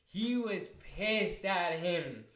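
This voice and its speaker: A man recapping a show episode in a casual review, excitable and swearing, with many restarts and fillers. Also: sits high, extremely slow. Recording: roomy echo.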